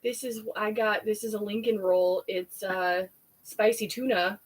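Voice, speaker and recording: A woman's voice: mid-range voice, steady tone, a little slow. A woman co-hosting a casual live stream, talking and joking while she eats. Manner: joking, talkative. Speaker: co-host.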